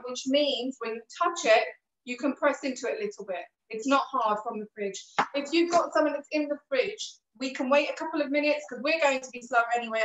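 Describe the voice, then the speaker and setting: Her high, fairly bright voice guides viewers through a live online cooking class in a kitchen, where she instructs with patience and encouragement. There's some roughness in her throat and a cough here and there. She's positioned far from the mic in a roomy space, and the audio is dull and muffled.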